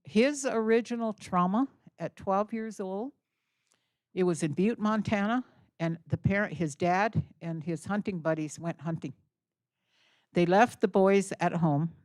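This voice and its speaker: A woman's voice: mid-range voice, measured pace, a little mellow, no room sound, studio quality. An older woman giving a talk in an auditorium, telling a vivid story in earnest and acting out the dialogue. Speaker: guest speaker. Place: college auditorium.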